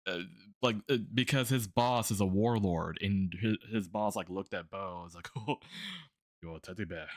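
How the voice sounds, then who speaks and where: A man's voice: lowish voice, steady tone, normal speed, no echo, clean studio sound. A man streaming while drawing, chatting casually about a tabletop game character, rambling with lots of fillers, restarts and laughs.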